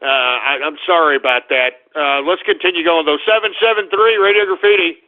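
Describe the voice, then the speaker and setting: A man's voice: on the high side, a little fast, phone-quality sound. A man hosting a call-in radio show, scolding his callers in an exasperated, profane rant.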